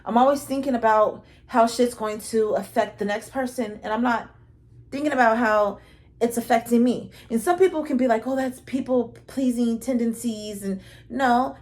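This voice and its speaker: A woman giving a casual tarot reading, talking in a rambling, slangy way and swearing freely, slowing down when she reads card messages aloud. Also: a little high. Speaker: tarot reader.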